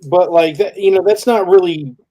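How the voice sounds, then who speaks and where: A man co-hosting a casual podcast chat, halting and filling pauses as he talks. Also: high voice, mellow. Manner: halting, many fillers and restarts. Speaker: podcast co-host.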